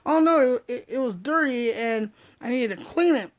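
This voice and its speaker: A man putting on a high, loud voice for an exasperated, dismissive woman who snaps defensively. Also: animated, normal speed. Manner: high-pitched, loud, impatient snapping.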